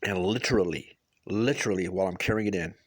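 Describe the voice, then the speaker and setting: Low-voiced guy rambling thru a story, lots of restarts, dry close mic. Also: quick pace, no echo. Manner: rambling, with many restarts and fillers; earnest, swears for emphasis. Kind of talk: casual personal storytelling.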